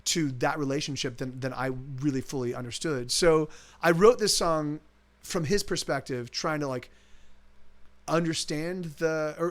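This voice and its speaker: A man who streams his own music live, talking casually and rambling between songs, often restarting his sentences and swearing freely. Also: fairly high pitch.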